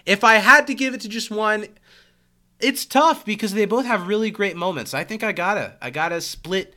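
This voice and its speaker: A male podcast co-host talks in a loose, joking way and stumbles over his words now and then. His voice is bright and pitched a little high, though he is under the weather with a sick voice. He stays relaxed and chatty. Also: normal speed. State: sick, hoarse voice. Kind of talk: casual chat.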